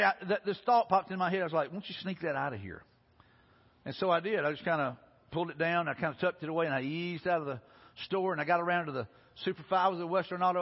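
A man preaching a sermon, telling stories in a folksy, animated way. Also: on the high side. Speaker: pastor. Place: church sanctuary. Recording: lo-fi recording with long hall reverb.

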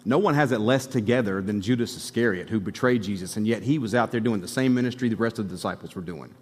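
A male pastor preaching a sermon, telling a story and building to excited exhortation. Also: lowish voice, fast talker, big-room sound.

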